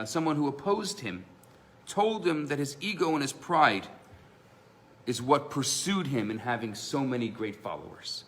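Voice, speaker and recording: A man teaching a live class as a rabbi, telling stories with lively acted-out voices. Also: mid-range voice. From Canada. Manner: animated storyteller, acts out voices in his tales. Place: synagogue classroom.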